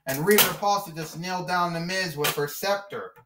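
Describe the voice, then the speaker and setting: A man narrating a make-believe wrestling match with excitable play-by-play and sudden shouts, recorded in a roomy space away from the mic. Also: high voice, brisk, far from the mic, background noise. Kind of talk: play-by-play commentary.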